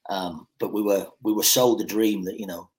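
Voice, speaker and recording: Relaxed low-voiced actor telling stories. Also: male voice, moderate pace. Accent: mixed Scottish and English, Americanised. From Scotland. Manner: relaxed storyteller, frequent fillers and restarts. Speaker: actor guest. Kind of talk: casual podcast chat.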